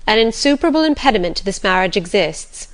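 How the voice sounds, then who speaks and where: A woman voicing a calm male lawyer who speaks each word distinctly and steadily. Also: mid-range voice, fast talker. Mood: firm.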